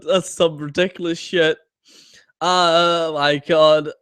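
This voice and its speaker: A man with a high-pitched voice hosts a live stream, ranting in exasperated disbelief. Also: very animated, unhurried, bright, forceful tone. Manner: exasperated and incredulous.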